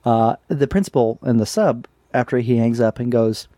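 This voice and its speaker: A man co-hosting a podcast, chatting casually about a cartoon, animated and laughing as he acts out quotes. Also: medium pitch, moderate pace, no room sound, studio quality. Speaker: podcast co-host. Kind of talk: casual chat recapping a cartoon.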